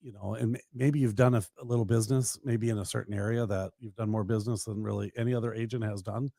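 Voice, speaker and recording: A Minnesota man co-hosting a real estate radio show, with a warm, mellow voice that has some gravel in it. He talks in an easygoing, agreeable way and often trails off. The studio sound is dry. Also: on the low side, fairly even intonation, quick pace, no echo. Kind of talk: casual studio chat.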